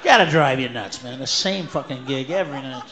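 A man doing a loud, profane stand-up comedy set, ranting and breaking into screaming shouts as he mocks the voices of others. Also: medium pitch, lively intonation, brisk. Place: large live venue with audience. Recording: roomy live concert recording with crowd noise.

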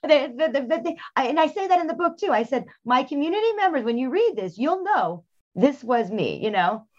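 A woman hosting a podcast, telling frank, animated stories in casual chat with bursts of laughter. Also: high-pitched, fairly quick. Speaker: podcast host. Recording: dull lo-fi sound.

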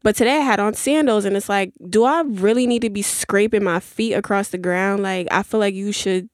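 A woman's voice: medium pitch, a little fast, dry recording, studio quality. Chatty young woman rambling through a story. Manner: chatty, rambling, with many fillers and asides. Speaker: podcast host. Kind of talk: casual storytelling monologue.

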